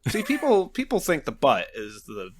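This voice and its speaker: A man's voice: on the high side, huge pitch swings, moderate pace, slightly rough. A man co-hosting a podcast, chatting casually and giggling while he riffs on jokes. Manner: giggly, riffs with silly put-on voices. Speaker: podcast co-host. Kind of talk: casual comedic chat. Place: home recording late at night.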